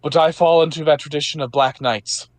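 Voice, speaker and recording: A man's voice: a little high, steady tone, a little fast, dry recording, lightly acted. A man voicing a young woman knight giving a rousing speech to a crowd. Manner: rousing speech, raised proclaiming voice. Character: young woman knight rallying the people, defiant.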